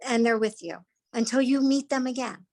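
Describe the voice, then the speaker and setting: A woman who hosts the show as a psychic medium, speaking in a gentle, reassuring way. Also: on the high side, normal speed. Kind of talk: podcast talk.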